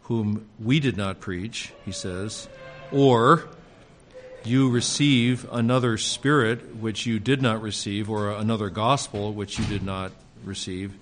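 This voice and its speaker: A man leading an informal Greek class at a seminary, pausing often with fillers and slipping in dry jokes. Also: on the low side, steady tone, soft background music. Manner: dry joking, pauses with many fillers.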